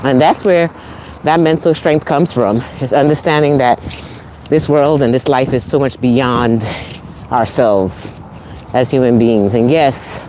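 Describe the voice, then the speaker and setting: A woman's voice: very deep voice, dark tone, a little hiss or hum. Upbeat New York woman on a walk. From Caribbean, raised in New York. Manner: encouraging, upbeat, chatty with frequent laughs and rising exclamations. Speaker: motivational speaker, host. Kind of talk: live-streamed motivational talk while walking. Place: outdoors on a walk near traffic.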